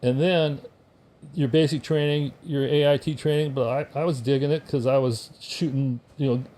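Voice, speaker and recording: A man's voice: medium pitch, normal speed. Older man spinning wry army stories. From United States. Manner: wry, animated storyteller acting out quotes. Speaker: podcast guest, Army veteran. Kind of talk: casual storytelling.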